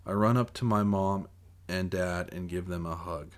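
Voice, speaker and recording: A man's voice: sits low, normal speed. Man reading his own audiobook. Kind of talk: first-person audiobook narration.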